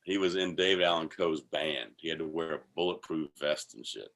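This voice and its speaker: A man telling a casual, animated story, heavy on swearing and bursts of laughter. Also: extremely low pitch, a little fast, creaky. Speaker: guest musician.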